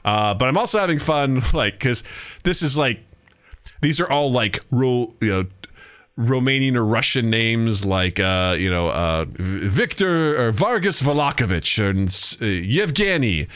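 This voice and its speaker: A man's voice: medium pitch, animated, a little slow, a bit bright, smooth. A man co-hosting a podcast in casual chat, rambling with frequent fillers and laughter. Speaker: podcast co-host.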